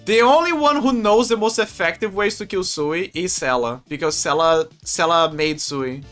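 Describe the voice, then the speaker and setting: A man streaming, chatting casually in a rambling, animated way with frequent restarts and laughs. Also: high voice, normal speed. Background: faint music.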